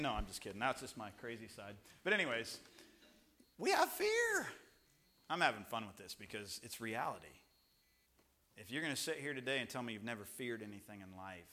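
A man, a pastor and father, preaching a sermon mixed with family stories, swinging from loud emphasis to hushed tones. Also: medium pitch. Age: young children at home, father.

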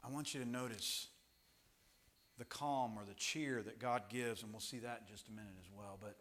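A man, a pastor and father, preaching a sermon mixed with family stories, swinging from loud emphasis to hushed tones. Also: medium pitch, fairly even intonation, normal speed. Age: young children at home, father.

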